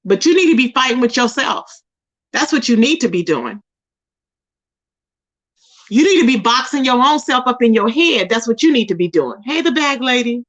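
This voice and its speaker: High-voiced woman scolding hard. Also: expressive, normal speed, long pauses. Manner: scolding, confrontational, keeps repeating the target's name. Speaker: commentary channel host. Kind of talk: ranting live commentary. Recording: dull lo-fi recording.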